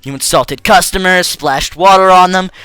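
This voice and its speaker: A man voicing a calm, clinical robot assistant who speaks in a measured, deadpan way for a fan dub of a game. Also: high voice, smooth, dry recording. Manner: measured, deadpan, matter-of-fact. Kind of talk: fan dub of a game's text.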